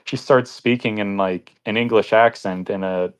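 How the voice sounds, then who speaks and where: Man, low voice, young adult, casual podcast chat, rambling, laughs a lot. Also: steady tone, normal speed, smooth. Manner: rambling, laughs often, many "like" fillers. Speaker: podcast co-host. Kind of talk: casual anime review chat.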